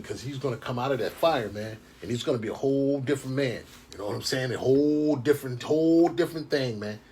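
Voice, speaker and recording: Husky man preaching in heated slang. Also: medium pitch, a little mellow. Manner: heated, slangy, profane, repeats "man" often; reads scripture slowly, then comments. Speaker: scripture teacher. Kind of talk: informal preaching monologue.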